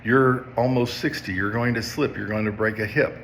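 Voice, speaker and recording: A nagging male inner voice of addiction, put on by a man, low, hushed and slow. It discourages and talks him out of things in a quiet, dragging way. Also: steady tone, vocal fry, slight background noise. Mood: discouraging.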